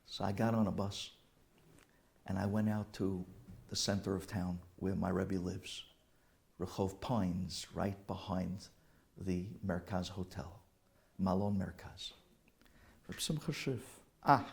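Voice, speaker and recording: Slow, gravelly-voiced rabbi preaching. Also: male voice, low voice, steady tone. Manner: emotional, heartfelt, with Hebrew and Yiddish terms. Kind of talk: storytelling sermon.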